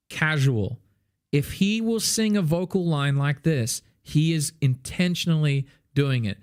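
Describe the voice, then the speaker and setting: A man teaching music in a casual livestream, animated and loose, peppering his talk with "like" and the odd swear word. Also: medium pitch. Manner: sings song snippets to demonstrate. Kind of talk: casual livestream song feedback.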